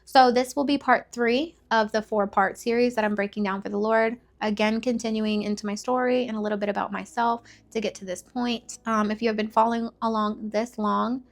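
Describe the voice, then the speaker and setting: A woman in her twenties frankly sharing a personal faith testimony to camera, emotional and direct, with quick asides and repeated phrases. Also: on the high side, steady tone. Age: 20s. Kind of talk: candid personal testimony vlog.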